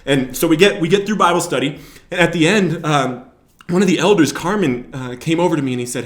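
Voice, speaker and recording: A young man hosting his own show in the Billings, Montana area speaks fairly quickly in a fairly high voice, with roomy sound. Telling his personal story of addiction and recovery to the camera, he gets emotional and shouts loudly in places.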